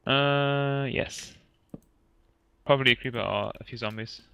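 A man's voice: medium pitch, a little slow, gravelly, sharp tone, smooth. A man chatting playfully during a game, laughing often. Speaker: game player. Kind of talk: casual gaming chat.

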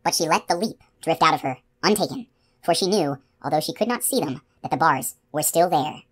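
A woman reads a novel aloud as an audiobook narrator. Her voice sits low, and she tells the story in a steady, expressive way. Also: brisk, slightly rough.

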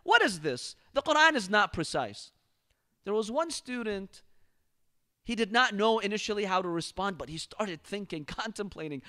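Man, preacher, high voice, bright tone, recites verses. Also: normal speed. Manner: expressive storyteller reciting Arabic verses. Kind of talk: Ramadan lecture. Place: mosque.

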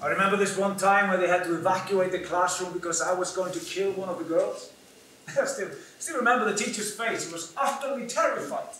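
A man's voice: high voice, a little fast, bright, forceful tone, a little hiss or hum. A man with an Icelandic accent, a native Icelandic speaker, tells a personal story on a theatre stage in an earnest, confessional way. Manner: earnest, confessional, breaks into brief laughs. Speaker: community theatre performer. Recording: echoey theatre from far off.

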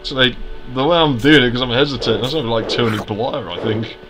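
A man's voice: mid-range voice, brisk. A man with a Hull accent giving crude, rambling, profane gameplay commentary, often laughing. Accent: Hull, Yorkshire. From Hull, England. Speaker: let's play host. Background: game music.

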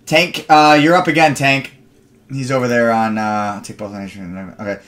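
A man's voice: fairly low pitch, lively intonation, fairly quick, creaky, a bit bright. Chatty man hosting a card break. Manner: rambling, chatty storytelling between picks. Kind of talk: live card break stream chat.

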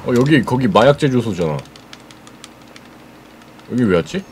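A man's voice: medium pitch, lively intonation, racing, darkish tone, a little hiss or hum. A man casually commentating on his gameplay, chatting to his viewers. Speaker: game streamer.

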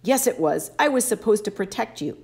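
A woman's voice: mid-range voice, expressive, brisk, gravelly, a little mellow, pitched above the performer's own voice. A woman voicing a nervous, sniffling young male satyr who keeps apologizing, in an audiobook. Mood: tearful.

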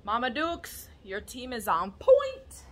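Chatty excitable woman vlogging at home. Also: fairly high pitch, takes it slowly. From Florida, USA. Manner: chatty, excitable, talks straight to the viewer. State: out of breath. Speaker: vlogger and small business owner. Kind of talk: casual vlog talking to camera. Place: at home, indoors.

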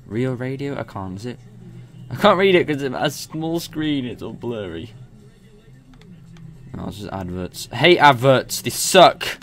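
A man's voice: mid-range voice, a little slow. Rambling young man narrating his gameplay. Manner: rambling, excitable, swears and laughs. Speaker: gameplay commentator. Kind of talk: casual gameplay commentary.

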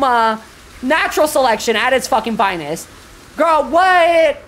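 A young woman streaming a horror game, chatting with sassy, profane slang and reading the game's lines aloud, going from low mumbles to sudden shrieks. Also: animated, a little slow, fairly bright tone, slight background noise. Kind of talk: casual live-stream commentary, reading game dialogue aloud.

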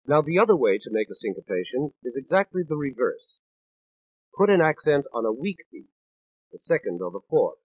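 Husky-voiced man explaining with lively inflection. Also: mid-range voice, no echo, poor audio. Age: 30s. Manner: explains patiently, counts out beats rhythmically. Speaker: lecturer on music. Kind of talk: scripted spoken lecture on an LP. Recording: 1950s studio record.

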